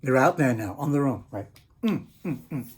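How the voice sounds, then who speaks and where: A man reads a picture book aloud and muses over its illustrations. His delivery is casual and meandering, and he keeps adding "right?" and "you know". His husky voice moves in a lively way up and down. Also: mid-range voice, moderate pace. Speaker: storyteller and teacher.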